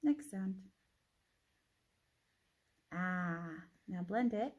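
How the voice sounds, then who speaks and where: A woman teacher giving a phonics reading lesson, sounding out words slowly and deliberately with encouraging praise. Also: medium pitch, animated, a little mellow, muffled recording.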